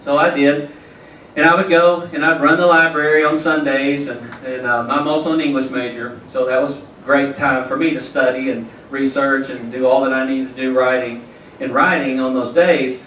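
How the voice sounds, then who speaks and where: A man from the Southern US, medium-pitched with a fairly bright tone and fairly even intonation, speaks at a moderate pace as the featured storyteller in a large indoor event hall. His manner is folksy and joking, and he addresses the crowd directly. The recording is echoey and far off, with slight background noise.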